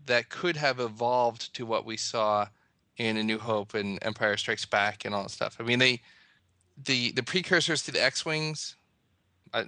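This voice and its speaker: A man's voice: medium pitch, bright, forceful tone, no echo. A man co-hosting a casual podcast, talking in a rambling, hesitant way. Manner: rambling, hesitant, many restarts and fillers.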